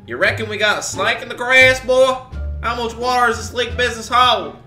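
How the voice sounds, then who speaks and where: A man's voice: very high voice, brisk, bright, forceful tone, roomy sound, soft background music, pitched above the performer's own voice, full character voice, poor audio. A man voicing a folksy older male Texan team owner with a put-on drawl and cowboy sayings. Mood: persuasive. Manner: homespun cowboy sayings, salesman-like.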